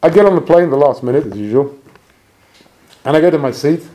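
A man telling a personal anecdote in an animated, expressive way. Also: a little fast. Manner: animated, expressive storytelling with swings in pitch. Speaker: speaker telling a personal story. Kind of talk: anecdotal storytelling talk.

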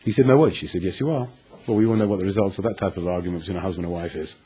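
A man giving a storytelling Torah lecture, animated and acting out the dialogue with dramatic pauses. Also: sits low, slightly rough, rough recording. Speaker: Torah teacher.

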